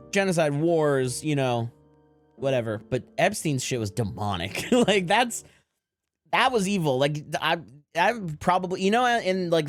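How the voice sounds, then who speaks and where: A young man live streaming, chatting casually and profanely with his viewers, rambling from joke to joke with frequent laughter. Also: mid-range voice.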